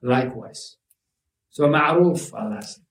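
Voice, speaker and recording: A man's voice: medium pitch, expressive, a little slow. A man preaching a sermon to a congregation, emphatic and repetitive, mixing Arabic religious terms into his English. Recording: echoey room, mic at a distance.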